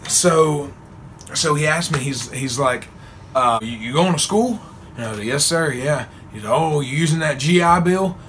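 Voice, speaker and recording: Young guy vlogging a funny story, laughs a lot, bright voice, little bit of room noise. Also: fairly high pitch, normal speed. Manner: animated, laughs often, acts out quotes. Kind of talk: casual storytelling.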